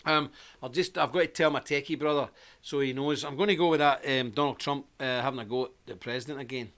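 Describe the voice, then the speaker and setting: A man's voice: medium pitch, steady tone, quick pace, a bit bright. A man hosting a live stream, telling a rambling anecdote and greeting viewers by name in a casual, chatty way.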